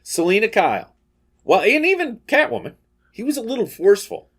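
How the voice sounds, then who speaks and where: A middle-aged man co-hosting a podcast, talking in casual banter, animated and swearing a lot. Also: sits high, a little fast, breathy edge. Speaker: podcast co-host.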